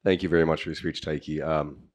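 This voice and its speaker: A man's voice: extremely low pitch, level tone, fast. An American man with an American accent, a contest judge asking a student follow-up questions in a friendly, conversational way. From United States. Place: conference hall.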